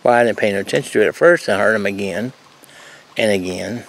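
A man's voice: fairly low pitch, fast, gravelly. A man telling a story outdoors in a folksy, self-deprecating way while sitting on a truck tailgate. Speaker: regular on the channel. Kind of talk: casual vlog storytelling.

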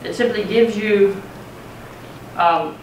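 Taking things slowly at a medium pitch, a poetry teacher delivers a chatty lecture and checks in with students along the way. The sound is distant and echoey, from a classroom with faint noise.

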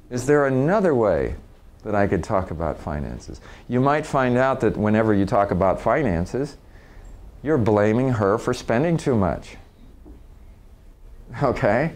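Man, communication trainer, informal talk, middle-pitched voice, animated, acts out quoted exchanges, repeats and restarts words. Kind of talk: informal talk on handling difficult people.

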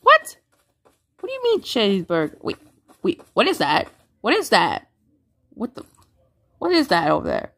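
A woman's voice: mid-range voice, sing-song, moderate pace, pauses often. A young woman casually commenting on a game she is playing, often exclaiming and laughing. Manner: loud exclaiming, frequent laughing. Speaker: gameplay video host. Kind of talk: excited gaming commentary.

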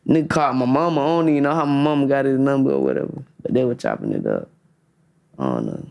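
Young guy, rapper guest, low-key and gravelly, easygoing chat. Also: sing-song, quick pace, darkish tone. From Florida. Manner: laid-back, mumbled slang. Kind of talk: casual interview chat.

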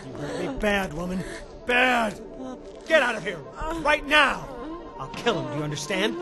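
A man's voice: sing-song, moderate pace. An actor playing a vicious male drug boss who uses children, hurling threats and sneering. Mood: menacing. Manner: shouting threats, then low menacing sneer. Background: music score.

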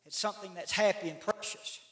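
A middle-aged man preaches. His voice is very high and sharp-edged, and his folksy delivery climbs into shouts. The sound carries the echo of a church sanctuary on a live stream. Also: fairly even intonation, brisk. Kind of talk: sermon. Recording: echoey church livestream.

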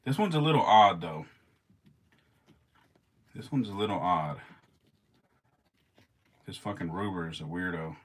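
A man's voice: low voice, expressive, measured pace, long pauses, husky. A man filming his snakes as they feed, laughing, swearing and talking straight to the animals in a casual vlog.

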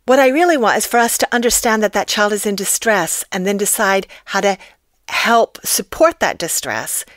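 A woman's voice: medium pitch, animated, moderate pace, fairly bright tone, dry recording, clean studio sound. An American woman talking as a podcast guest, explaining ideas in a reflective way. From United States. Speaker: guest expert. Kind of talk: podcast interview.

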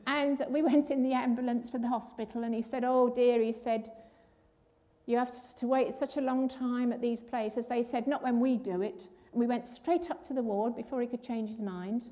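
A woman's voice: fairly high pitch, fairly even intonation, moderate pace, warm tone. An older woman giving an earnest personal testimony at a church, telling her story and acting out the voices of the people in it.

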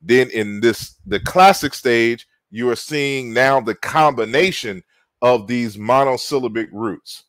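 A man teaching from slides in a slow, deliberate lecture, circling back with fillers and repeated words. His pace is leisurely. The recording is dry with no room echo. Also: mid-range voice, a bit bright.

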